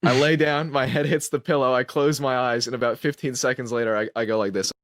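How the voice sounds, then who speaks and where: A man's voice: mid-range voice, steady tone, fast talker, fairly bright tone, no echo, clean studio sound. A young man telling a story in casual podcast chat, acting out his own lines and laughing as he goes. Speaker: podcast co-host. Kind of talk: casual storytelling among friends.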